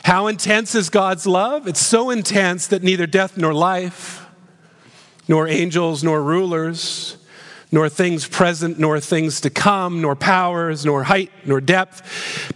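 Male pastor, high voice, earnest sermon delivery with long reverb from the hall. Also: fairly bright tone. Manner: earnest, questioning, slows down on key phrases.

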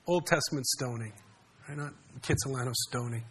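A man's voice: mid-range voice, brisk, fairly bright tone, husky. A man preaching a sermon in a conversational way, often asking his congregation questions. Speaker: pastor.

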